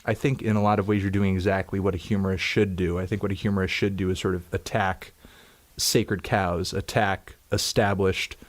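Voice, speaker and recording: A man with a fairly low voice hosting a casual podcast interview. He teases his guest, laughs often, and stammers through restarts as he builds a point. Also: level tone, normal speed.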